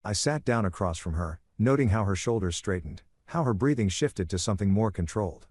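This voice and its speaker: Man, story narrator, measured scripted reading, low voice, dry close recording. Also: animated, darkish tone, slightly rough, no room sound.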